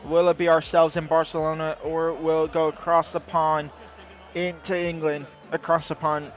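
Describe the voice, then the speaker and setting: A gaming channel host provides casual, rambling commentary over his own play, alternating between quiet mutters and loud outbursts. He speaks at a normal speed with a flat delivery.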